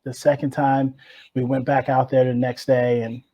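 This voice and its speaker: A man from Chicago's West Side, a guest on a podcast, telling a personal story with lively energy and acted-out quotes. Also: mid-range voice, moderate pace, highs cut off. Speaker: guest, rower and author.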